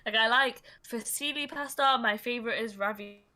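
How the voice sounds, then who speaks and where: Bright, emphatic young woman. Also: a little high, brisk. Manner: animated, emphatic, repeats herself for effect. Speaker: podcast co-host. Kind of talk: casual chat.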